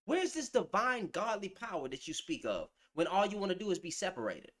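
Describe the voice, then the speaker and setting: A man's voice: sits high, sing-song, a little fast, a bit bright. A man ranting to camera in blunt, slang-heavy commentary, calling people out. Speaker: vlogger.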